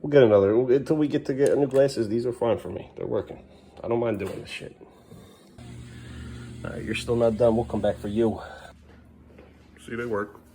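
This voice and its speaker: A man's voice: normal speed, pauses often, warm tone, a little hiss or hum. A man, a father, talking through an evening at home with his kids in a casual vlog, recorded on a phone. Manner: mutters low asides, then raises voice sternly at kids. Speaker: father vlogging family life. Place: family home indoors. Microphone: handheld phone.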